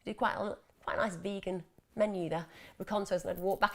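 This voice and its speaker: A woman with a mid-range voice talks fast while hosting a live mental health Q&A. She chats casually and reads out viewer questions, animated and laughing often, sometimes mimicking voices.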